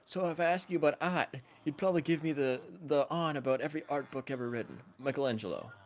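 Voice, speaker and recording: A man's voice: a little high, quick pace, close to an everyday voice. A man reading as an earnest therapist. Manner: steady, lecturing read with stumbles. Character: earnest male therapist lecturing a young man. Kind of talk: casual reading of a film scene.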